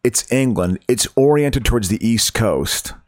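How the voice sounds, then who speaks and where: A man's voice: medium pitch, expressive, measured pace, no room sound. Laughing, agreeable man, dry sound. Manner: agreeable, laughs often, rambling. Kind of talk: casual chat.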